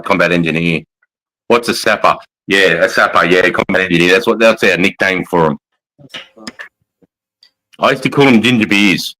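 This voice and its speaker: Middle-aged Australian male streamer, very low voice, crude and matey, casual banter. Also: pushed and bright, low-quality recording. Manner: blunt, heavy swearing, matey. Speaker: livestream host, army veteran. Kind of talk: casual livestream chat, reading comments.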